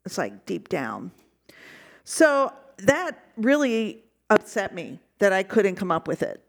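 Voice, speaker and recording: A woman's voice: medium pitch, huge pitch swings, slow, vocal fry. A woman pastor preaching a sermon, reflecting on the passage and telling a personal story.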